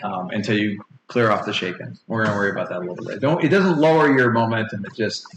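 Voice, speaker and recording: A man in his forties running a tabletop game for his kids, rambling and playful, slipping into quick character voices. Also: fairly low pitch. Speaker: game master. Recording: echoey home room with faint noise.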